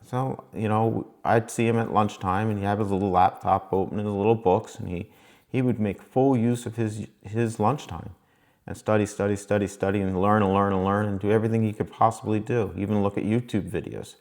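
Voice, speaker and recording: A man's voice: lowish voice, fairly even intonation, brisk, a little mellow. A man casually telling a motivational story in a rambling, folksy way that repeats itself. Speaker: vlogger.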